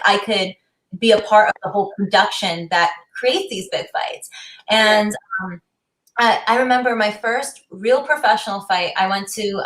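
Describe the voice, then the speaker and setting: A woman's voice: mid-range voice, a bit bright. Woman, boxer, guest, earnest storytelling, echoey room. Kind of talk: casual storytelling. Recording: roomy echo.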